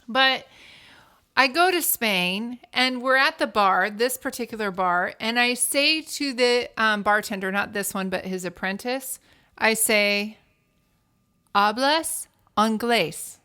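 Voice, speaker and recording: A woman co-hosting a podcast, telling stories in animated, casual chat with the odd swear word. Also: fairly high pitch, unhurried, clean tone. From United States. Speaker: podcast co-host.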